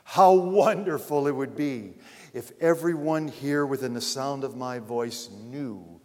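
A man preaching a sermon, telling a story and then addressing his congregation earnestly, rising loud and falling to a hush. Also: mid-range voice, a little slow. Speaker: pastor. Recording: long reverb of a large hall.

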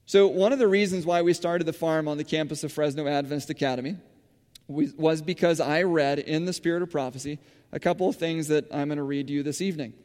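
A man's voice: on the high side, fairly even intonation, fast, darkish tone. Man preaching in a reverberant hall. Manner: conversational, with frequent fillers and restarts. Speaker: church speaker running a school farm. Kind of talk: sermon-style storytelling.

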